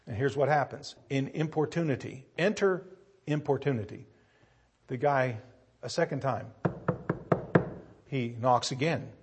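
A man preaching a sermon, acting out a story in different voices and building to loud, emphatic peaks. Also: mid-range voice, measured pace, long pauses, slight background noise.

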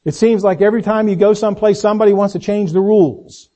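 High-voiced preacher with a dull recording. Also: male voice, fairly even intonation. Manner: dramatic, swinging between loud slow emphasis and low quiet asides. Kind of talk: sermon.

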